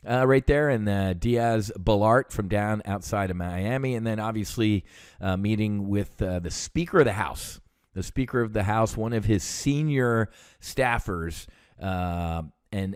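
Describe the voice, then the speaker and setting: Recorded in studio quality with no room sound, a veteran podcast host from the United States rants through a story, casual and heated, cursing and using many fillers. His voice is on the low side and smooth.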